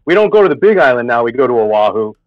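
A man's voice: medium pitch, big pitch swings, fast, no echo. A man telling a personal spooky story in a casual, rambling way, full of filler words. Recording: dull lo-fi sound with faint music.

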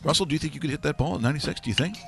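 A man's voice: fairly high pitch, racing, music in the background. A man hosting a live sports talk show, chatting casually and telling rambling stories with many restarts.

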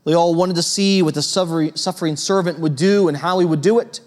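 A man preaching a sermon in a church, conversational and lively, with a storytelling manner and frequent asides to his listeners. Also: fairly high pitch, a little fast. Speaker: pastor.

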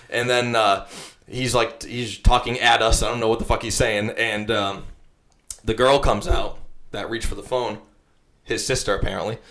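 A young man rattles off a bar story at a rapid clip, padding it with fillers and curses. He talks like a podcast host chatting with friends. His pitch sits in an ordinary middle range. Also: a bit bright. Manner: rambling anecdote with frequent likes and profanity. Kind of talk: casual storytelling chat.

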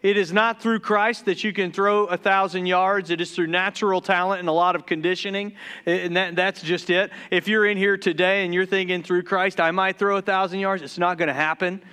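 A young man from the Deep South preaches to his congregation, mixing jokes into the sermon. His voice sits high and sounds smooth and clear. He gets excited and trips over his words, then restarts. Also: brisk. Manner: joking, excitable, stumbles and restarts when excited. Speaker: pastor.

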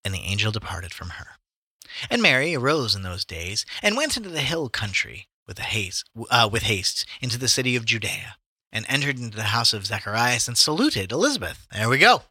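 Guy reading old bible verse half-serious, bright voice, dead dry mic. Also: mid-range voice, big pitch swings, brisk, husky, no echo. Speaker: co-host reading scripture aloud. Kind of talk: casual comedic chat with Bible reading.

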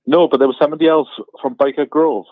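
A man's voice: a little high, steady tone, fast talker, no room sound. Jokey man on a tinny phone line. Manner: chatty, jokey storyteller. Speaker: radio show regular on a phone line. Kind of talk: casual radio chat.

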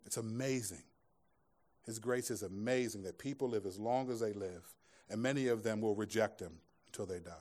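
A man's voice: on the low side, normal speed, a little mellow. A man pastor giving a sermon to a live congregation in a conversational style, mixing scripture with jokes and asides. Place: church room with a live audience.

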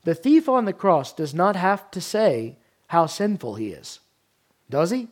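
A male pastor delivering a sermon, moving from quiet, hushed passages to loud, emphatic ones. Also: high voice, big pitch swings, a little slow.

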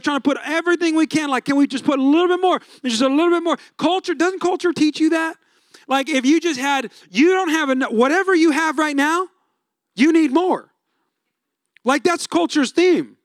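A man's voice: very high-pitched, no echo, studio quality. A man, preaching a sermon in a chatty storytelling manner, asking the crowd questions. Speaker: pastor.

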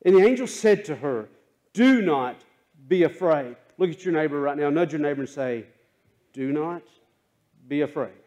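A male pastor preaching a sermon in a church, using call and response and swinging between hushed and impassioned delivery. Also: a little high, expressive, normal speed. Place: church sanctuary.

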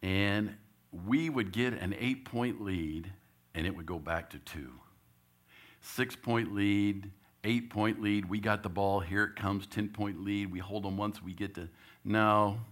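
A low-pitched man with a bright, forceful tone tells a story from the pulpit. He is animated and acts out what he said, sometimes raising his voice. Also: slow. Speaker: church elder. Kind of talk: storytelling sermon.

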